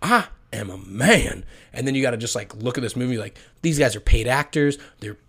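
A young adult man co-hosting a podcast, telling stories in a casual, profane, animated way. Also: mid-range voice, fast. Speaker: podcast co-host. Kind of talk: casual chat.

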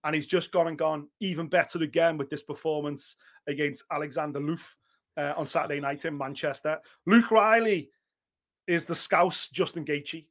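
A man co-hosting a fight podcast, talking in an excitable, gushing way and swearing freely. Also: on the high side, normal speed. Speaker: podcast co-host. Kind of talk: casual MMA chat.

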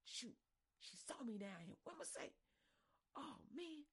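A woman's voice: high voice, animated, measured pace, pitched above the performer's own voice. A woman voicing a young boy caught skipping chores, muttering frantically to himself and then pleading with his mother. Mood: panicked whisper.

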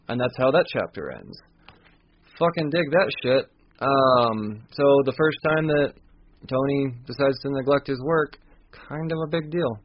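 A man's voice: mid-range voice, expressive, measured pace, dull audio. A man giving a casual, swearing-heavy recap of a comic, rambling and acting out the characters as he goes. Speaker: podcast host recapping a comic.

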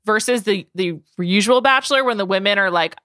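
A woman talks on a podcast in a bright voice, recorded dry and close on a studio mic. She is enthusiastic and rambling, leaning on "like" as she goes, at a middle pitch. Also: a little fast, no room sound. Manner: enthusiastic, rambling, heavy "like" fillers. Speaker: podcast co-host. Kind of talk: casual chat.

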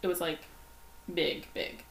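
A woman co-hosting a casual chat podcast, telling stories with lively quoted voices. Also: sits low, unhurried, vocal fry. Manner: animated storyteller, acts out quoted voices. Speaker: podcast co-host. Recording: echoey room, faint ambient noise.

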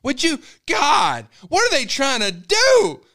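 A man voicing a cranky old man who shouts his outrage at grocery prices. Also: very high voice, wildly swooping pitch, takes it slowly, voice pushed up, exaggerated voice. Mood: outraged. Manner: bellowing outraged complaints.

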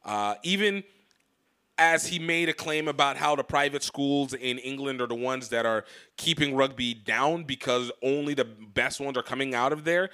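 A man's voice: medium pitch, moderate pace, bright, forceful tone, clear, resonant tone. A man hosting a rugby show, talking casually with frequent restarts and fillers. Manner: rambling, with many restarts and fillers. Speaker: rugby podcast host. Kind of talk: casual commentary.

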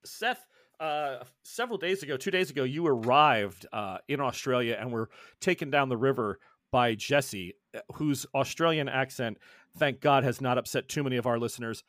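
A man's voice: medium pitch, normal speed, fairly bright tone, no echo, studio quality. A man from the northeastern United States running a tabletop horror game as game master, rambling and playful, with many fillers and restarts.

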